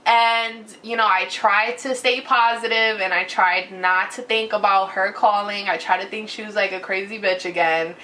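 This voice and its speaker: A woman in her twenties telling a personal story in a casual vlog, animated and loud. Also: medium pitch, normal speed, hardly any pauses, a little hiss or hum.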